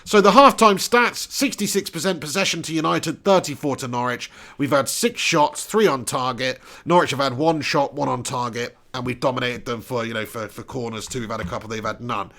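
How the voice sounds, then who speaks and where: A man's voice: mid-range voice, a little fast, few pauses, bright, forceful tone. A young man from Dorset, chatting casually and swearing freely as he hosts a live football watch-along. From Dorset, England. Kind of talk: live-stream commentary and chat.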